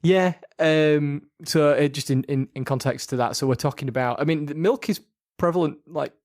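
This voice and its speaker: A man's voice: fairly high pitch, normal speed, a little mellow. A young man hosting a podcast, chatty and giggly, sharing bits of trivia in casual conversation. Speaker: podcast host. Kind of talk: casual chat.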